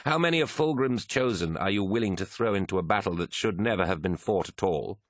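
A man's voice: fairly low pitch, lively intonation, fairly quick, no room sound, clean studio sound, lightly acted. A man voicing a scheming, ambitious warrior. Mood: persuasive. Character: ambitious scheming male warrior, bitter and persuasive.

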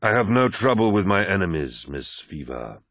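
A man's voice: deep voice, sing-song, normal speed, fairly bright tone, no room sound, clean studio sound, exaggerated voice. A man voicing a wounded male warlord who speaks in a weary, grave and commanding way, in an audiobook reading.

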